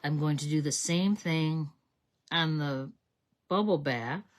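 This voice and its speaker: A woman's voice: sits low, takes it slowly. A woman hosting a live card-making stream, chatting as she talks herself through each step at her craft table. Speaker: crafting livestream host.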